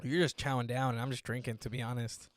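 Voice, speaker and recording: In a casual podcast conversation, this young co-host ribs his friend, curses without restraint and fills his speech with filler words. He talks fast in a medium-pitched, flat voice, with no room sound.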